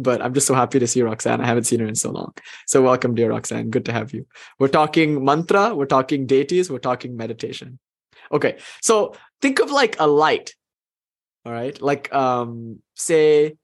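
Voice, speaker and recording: A man giving a live online lecture as a spiritual teacher, speaking in an enthusiastic, conversational way with frequent "you know" fillers. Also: a little high. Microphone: video call.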